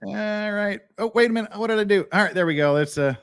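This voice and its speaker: A man's voice: high voice, quick pace, clear, resonant tone. A man hosting a live legal commentary stream, joking with his chat and breaking down a lawsuit. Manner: animated, joking, chatty with chat. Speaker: podcast host.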